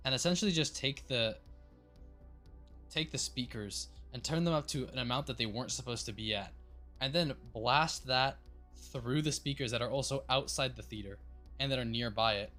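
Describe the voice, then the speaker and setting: The voice is a man of middle pitch acting as game master for a sci-fi horror tabletop game. He narrates in a loose, rambling way, full of "um" and "like," with an offhand curse now and then. Faint music plays underneath. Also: moderate pace, bright, forceful tone. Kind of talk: running a tabletop game over voice chat.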